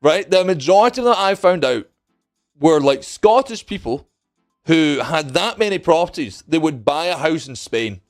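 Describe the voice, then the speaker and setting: Speaking at a moderate pace, this young male streamer has a fairly high voice and spins a story in relaxed chat. He's lively and foul-mouthed, often dropping into other people's lines while soft music plays behind him.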